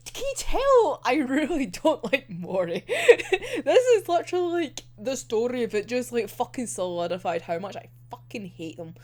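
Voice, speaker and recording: A young woman giving a casual anime commentary, animated and heated, swearing a lot and filling with "like". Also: sits high, measured pace. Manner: animated, heated, heavy swearing, many fillers. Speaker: anime reviewer.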